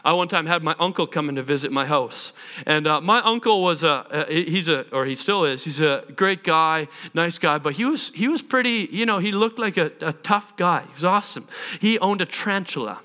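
Male preacher, casual storytelling sermon; smooth, clear tone, bright. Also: a little high, normal speed. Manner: animated, self-deprecating, conversational. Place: stage. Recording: long hall reverb.

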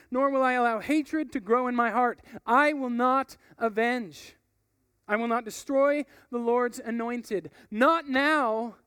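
A man reading the part of a calm, resolute male leader who speaks slowly and firmly. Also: very high-pitched, smooth, dry recording, clean studio sound. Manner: slow and gentle, then firmly insistent. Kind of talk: dramatic reading of a book passage.

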